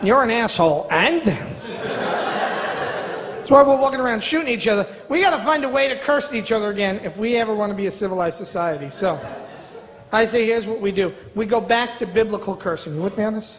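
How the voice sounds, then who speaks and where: A man's voice: high-pitched, fairly quick. A middle-aged man doing a stand-up comedy set in a club, brash, profane and mock-outraged. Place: comedy club stage before a live audience. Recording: reverberant club with audible ambience.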